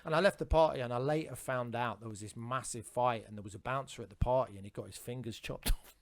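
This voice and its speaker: A man's voice: medium pitch, quick pace. A man, a comedian telling rambling anecdotes on a podcast with frequent restarts and swearing. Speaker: comedian guest.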